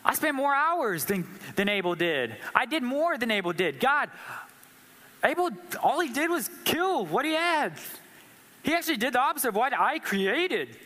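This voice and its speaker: A male preacher voicing an angry, resentful biblical brother who complains indignantly in a rising pitch. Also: sing-song, moderate pace, bright, forceful tone, exaggerated voice. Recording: long hall reverb.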